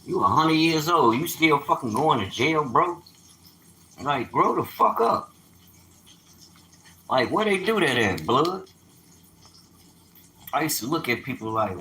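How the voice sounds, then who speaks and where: Animated streetwise man in his fifties. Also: a little high, unhurried, long pauses, roomy sound, a little hiss or hum, rough recording. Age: 50s. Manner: animated, streetwise, swearing, loud outbursts. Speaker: livestreamer. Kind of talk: casual storytelling.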